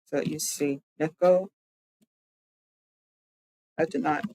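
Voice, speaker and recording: This language-teaching streamer talks slowly and chattily, often saying "like," thinking aloud, and correcting themself partway through sentences. The mid-pitched voice has fairly even intonation and a darkish tone, sounding dry and close with no room sound on a rough recording.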